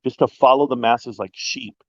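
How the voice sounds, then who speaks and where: A man's voice: medium pitch, steady tone, normal speed, fairly bright tone, no echo, lo-fi sound. A man co-hosting a livestream in casual chat, ranting and opinionated. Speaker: livestream co-host.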